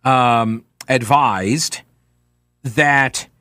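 In a radio studio, a male talk show host rambles through a chatty, sardonic monologue packed with fillers. His mid-range voice stretches words out and sounds pushed and bright, with no room sound at all.

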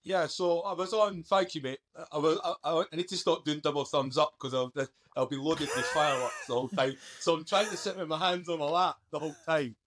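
A man's voice: fairly high pitch, fairly even intonation, fairly quick, hardly any pauses, fairly bright tone. A man, a podcast guest telling his story in a plain-spoken, conversational way. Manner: plain-spoken, conversational, uses "mate" and "I done". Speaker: guest, author. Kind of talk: casual interview storytelling.

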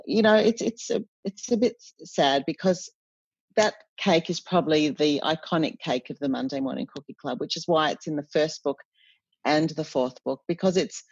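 A woman, an interview guest chatting in an animated storytelling way with frequent self-corrections. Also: low-pitched, moderate pace, breathy edge, no room sound. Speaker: cookbook author guest. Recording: dull, dry podcast audio.

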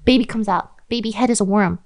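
A woman's voice: medium pitch, fast talker. A woman on a podcast, rambling and laughing as she makes up a strange story in casual chat. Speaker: podcast co-host.

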